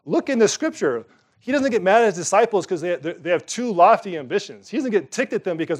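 A middle-aged man preaching a sermon from the pulpit, emphatic and animated, with sudden loud rises. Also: sits high, fast. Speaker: pastor.

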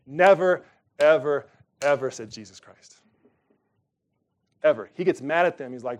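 A middle-aged male pastor preaching with fervor. His voice sits a little high for a man, and he swings between quiet, measured stretches and loud, pointed outbursts. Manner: animated, emphatic preaching with sudden loud rises. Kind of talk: sermon.

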